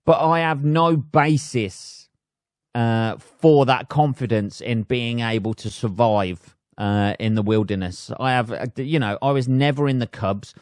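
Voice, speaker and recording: A man's voice: medium pitch, unhurried, dry recording, studio quality. A man hosting a solo comedy podcast, ranting and swearing with frequent laughs and mock impressions. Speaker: podcast host.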